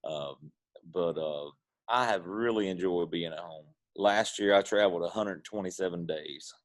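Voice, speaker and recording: A man's voice: deep voice, normal speed. A middle-aged man with an Eastern North Carolina accent, telling stories in a laid-back, drawling way as an interview guest. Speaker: guest, pitmaster. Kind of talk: casual interview chat.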